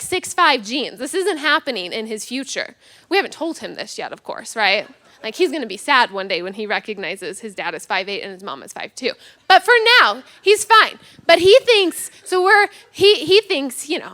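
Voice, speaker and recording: A woman pastor in her thirties preaching a sermon, telling a funny personal story and acting out the lines of the people in it. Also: sits high. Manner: animated storytelling with acted-out quotes, self-mocking humor.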